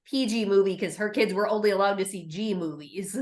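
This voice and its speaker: A woman's voice: mid-range voice, normal speed, darkish tone. A woman librarian in a roundtable discussion, sharing experience in a practical, matter-of-fact way with light laughs.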